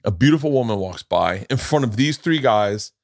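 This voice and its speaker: A man's voice: lowish voice, animated, moderate pace, creaky, no echo. Middle-aged male podcast host, storyteller, profane, does quoted voices, dry close sound. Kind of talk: casual chat.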